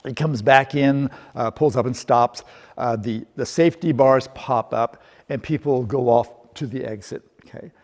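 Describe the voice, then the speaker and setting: A man's voice: medium pitch, moderate pace, big-room sound. A middle-aged man presenting a workshop, telling a humorous story with rhetorical questions in a lecture style. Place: seminar room.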